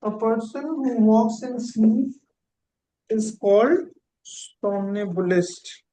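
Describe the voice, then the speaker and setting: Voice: mid-range voice, slow pace, warm tone, poor audio. A teacher giving a vocabulary lesson, repeating each word and drawing out key terms. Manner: repeats words, spells them out and drags out key terms. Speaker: English teacher.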